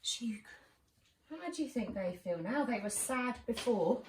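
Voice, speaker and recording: A woman leading a children's church session, telling a Bible story with lively voices and asking the children questions. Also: fairly high pitch, measured pace. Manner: animated, asks children questions, acts out lines. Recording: roomy and distant with faint noise.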